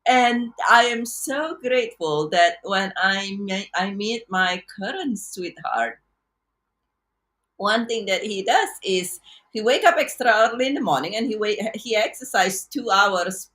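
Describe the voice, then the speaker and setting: A woman's voice: mid-range voice, animated, unhurried, fairly bright tone. A woman coach telling a personal story to camera in an earnest, reflective way, often stopping and restarting her sentences. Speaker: life and business coach.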